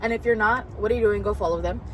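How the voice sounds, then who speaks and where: A woman's voice: mid-range voice, rapid-fire, background noise. A woman co-hosting a casual wrestling review, bantering playfully with her co-host. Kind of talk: casual chat.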